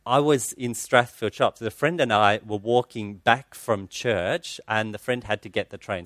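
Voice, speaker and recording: A man's voice: on the low side, fairly bright tone, dry recording. A male pastor, giving an earnest, conversational sermon in a church that includes a personal story.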